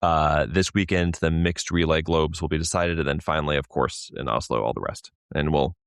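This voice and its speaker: A man co-hosting a sports podcast in a casual, chatty way, laughing often and getting animated when telling a story. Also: rumbling low, moderate pace, clean tone, dry recording, clean studio sound. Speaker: podcast co-host. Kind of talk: casual chat.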